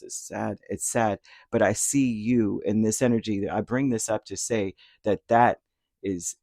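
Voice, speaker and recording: A man's voice: on the low side, measured pace, creaky, a little mellow, no room sound, studio quality. A man giving a casual, rambling tarot reading, talking conversationally with lots of fillers and asides. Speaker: tarot reader.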